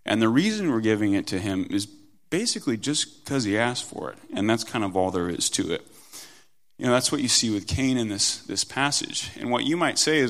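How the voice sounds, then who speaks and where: Conversational male pastor preaching. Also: lowish voice. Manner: conversational, animated, swings between loud and quiet. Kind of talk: sermon.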